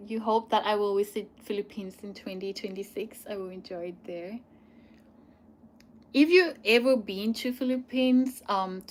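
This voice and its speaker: A young Thai woman with a Thai accent, Thai as her first language, hosting a live question-and-answer stream in a loose chatty way with many "like" and "um" pauses. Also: medium pitch, slight background noise. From Thailand. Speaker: channel host answering viewer questions.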